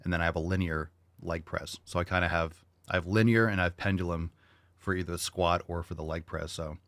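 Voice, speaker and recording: Deep-voiced blunt male podcast host. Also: a bit bright, no echo. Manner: blunt, joking, swears casually. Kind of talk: casual solo chat answering listener questions.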